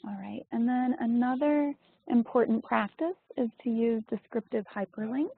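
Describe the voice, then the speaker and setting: A woman's voice: a little high, moderate pace, gravelly, breathy edge. A woman presenting a webinar lesson, explaining with frequent ums and you-knows. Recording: tinny phone-like line, dry.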